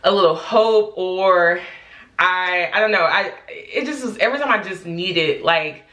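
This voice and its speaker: Casual woman vlogger, low-ish and bright, rambling chat, roomy echo. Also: a little slow. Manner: chatty, rambling, heavy use of "like", addresses viewers directly. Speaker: home decluttering vlogger. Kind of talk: casual vlog chat to camera. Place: home office, indoors.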